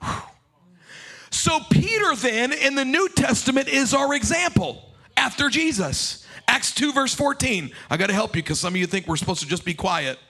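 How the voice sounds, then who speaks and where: A passionate male pastor delivering a sermon in a high, bright voice. He preaches with fervor and leads his congregation in call-and-response. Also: animated, moderate pace.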